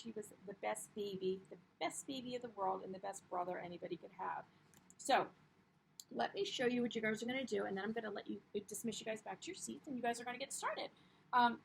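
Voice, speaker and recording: A woman's voice: a little high, vocal fry, fairly bright tone, slight background noise, rough recording. A young woman teaching a primary class, upbeat and encouraging, with frequent ums as she explains the lesson. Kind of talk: classroom read-aloud lesson.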